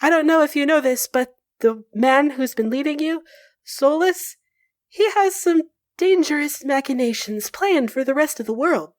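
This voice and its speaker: A woman's voice: sits high, expressive, dry recording, clean studio sound, voice pushed up. A woman doing a polite diplomatic envoy. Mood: earnest. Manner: polite and measured.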